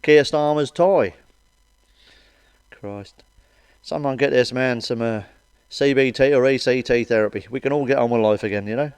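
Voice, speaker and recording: A middle-aged man telling crude stand-up jokes with blunt, sweary, deadpan asides. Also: mid-range voice, moderate pace, long pauses, clear, resonant tone, dry recording. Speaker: stand-up comedian. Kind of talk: crude stand-up one-liners.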